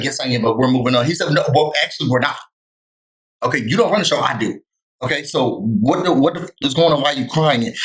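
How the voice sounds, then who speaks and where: A man's voice: fairly bright tone, rough recording. Sassy chatty man recapping reality TV. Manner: sassy and chatty, jumps to higher pitch when quoting people. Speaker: TV recap vlogger. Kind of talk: casual reality-show recap commentary.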